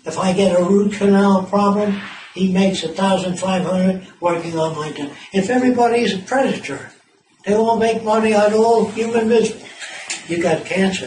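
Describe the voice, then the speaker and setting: A man's voice: high voice, darkish tone. A man giving an informal talk to a small group of visitors, blunt and profane, telling stories with asides. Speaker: speaker addressing visitors. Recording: echoey room, mic far off, clear background noise.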